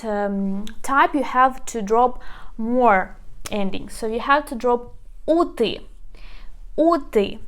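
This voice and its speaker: A woman whose first language is Ukrainian, teaching a lesson in English and slowly repeating each example word. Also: on the high side. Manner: slow, patient, repeats example words.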